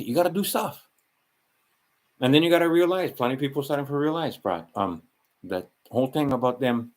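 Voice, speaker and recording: A man with a Hawaiian Pidgin accent talking in a casual, rambling monologue, full of restarts and slang. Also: lowish voice.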